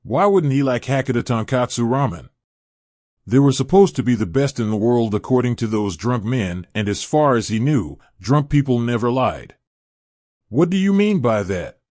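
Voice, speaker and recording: A man reading fan fiction aloud in steady scripted narration. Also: medium pitch, normal speed, dry recording, clean studio sound.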